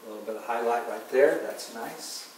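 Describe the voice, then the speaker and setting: A man giving a relaxed painting demonstration, talking softly and unhurriedly, often trailing off quietly as he works. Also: medium pitch, normal speed, slight background noise. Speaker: painting instructor. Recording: distant mic in an echoey room with faint ambience.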